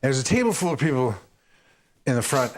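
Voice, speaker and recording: A man's voice: medium pitch, brisk. A man, a stand-up comedian and guest, telling a road story and acting out the people in it. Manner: animated, acts out the people in his stories.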